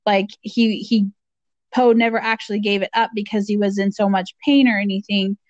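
A woman's voice: medium pitch, steady tone, moderate pace, no echo. A woman co-hosting a podcast in casual chat, rambling and hesitant, laughing as she talks. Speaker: podcast co-host. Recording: dry, dull lo-fi mic.

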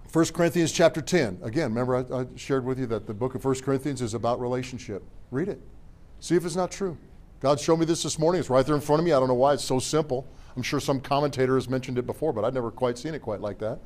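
In a church sanctuary, a middle-aged pastor preaches a sermon, speaking fast in a mid-range voice. He's animated and jokes with the congregation between scripture readings.

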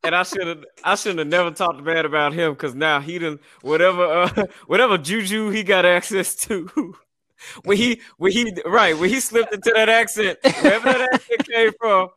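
A man's voice: high voice, moderate pace, pushed and bright, no room sound, clean studio sound. A man hosting a casual podcast, telling stories in a slangy, laid-back way with frequent laughs and restarts. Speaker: podcast host and business owner.

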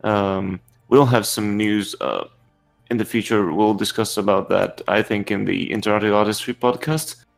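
A man co-hosting a podcast, speaking in a slow, hesitant, thoughtful way. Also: lowish voice, creaky, faint music behind. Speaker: podcast co-host. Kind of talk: casual chat.

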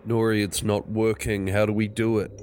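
A man playing a tense, low-voiced adventurer. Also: little pitch movement, normal speed, a little mellow, faint music behind, close to an everyday voice. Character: tense male adventurer losing his cool.

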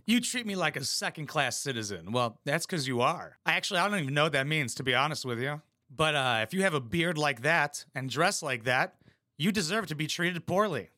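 Bright, crude-talking male commentator. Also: a little high, animated, a little fast, no room sound, studio quality. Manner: crude, mocking, blunt. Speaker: reaction commentator. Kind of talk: casual profane commentary.

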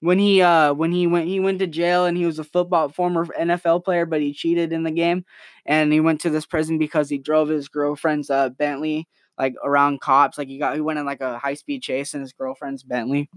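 A man's voice: a little high, level tone, a little fast, clear, resonant tone, no echo, clean studio sound. A young man hosting a casual home podcast, talking in a hyper, rambling way and swearing freely. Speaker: podcast host. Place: at home with his dog. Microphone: new desktop microphone.

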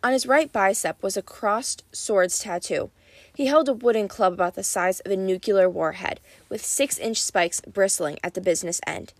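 A woman reading a first-person audiobook with wry, lively storytelling. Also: mid-range voice, moderate pace, dry recording. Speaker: audiobook narrator.

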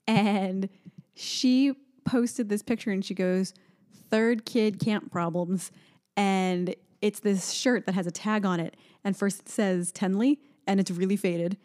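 A woman in her thirties co-hosts a casual chat, telling lively everyday stories. She slips into quick voiced quotes as she goes, and sounds a bit sleepy. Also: medium pitch. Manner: chatty, animated storytelling with voiced quotes. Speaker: podcast co-host and mother.

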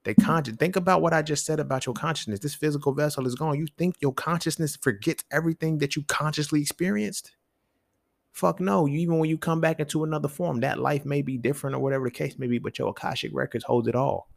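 A young man riffs alone on his podcast in loose, profane street slang, his voice gravelly and full of fry. He keeps asking the listener questions that leap up in pitch. The sound is dry and close, with no room around it. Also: quick pace, no room sound. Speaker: podcast host. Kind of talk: casual solo monologue.

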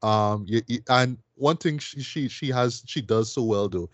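A man with a medium-pitched, slightly slow voice casually reviews a film for a podcast, with no room sound on the recording. He rambles, repeating words and using fillers, and keeps tacking "boy" and "right?" onto his sentences.

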